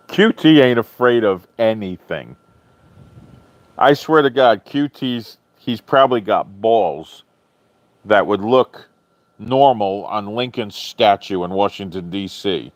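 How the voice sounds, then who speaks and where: A man hosting a live stream in casual chat, answering viewers' comments in a chatty, animated way, swearing freely and often laughing. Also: lowish voice, slow, no room sound. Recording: dull lo-fi stream audio, dry.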